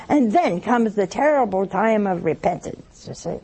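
Woman, sermon, gravelly, warm mellow tone, humorous storytelling, slow emphatic phrasing. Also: mid-range voice, expressive. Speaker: religious speaker.

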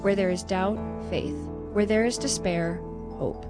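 A woman presenting a radio spot and reading a prayer in a calm, measured way. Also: mid-range voice. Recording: prayer read over loud music.

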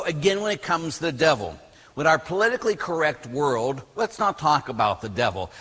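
Priest guy teaching, husky but bright voice, lively and emphatic, long reverb like a big hall. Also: on the high side. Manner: animated storytelling with emphatic outbursts. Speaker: Catholic priest. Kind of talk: teaching talk to a class.

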